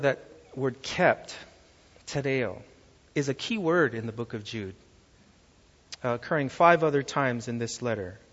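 Man, pastor, slow deliberate sermon, long hall echo, dull lo-fi sound. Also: mid-range voice. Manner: emphatic preaching with rhetorical questions to the congregation.

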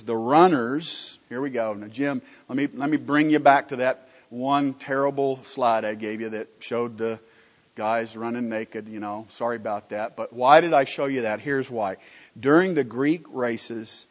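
Man preaching in a reverberant hall. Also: medium pitch. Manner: conversational teaching, rhetorical questions to the congregation; sweeping swings in loudness between emphatic and quiet phrases. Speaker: pastor. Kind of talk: sermon. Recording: dull lo-fi recording with long hall reverb.

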